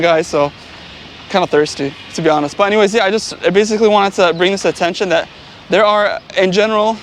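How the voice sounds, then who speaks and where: A man's voice: high voice, slight background noise. A man vlogging as he walks along a city street, telling stories casually and rambling with lots of fillers. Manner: rambling, heavy on fillers like "like" and "you know". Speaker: travel vlogger. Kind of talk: casual storytelling. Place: outdoors on a city street, walking.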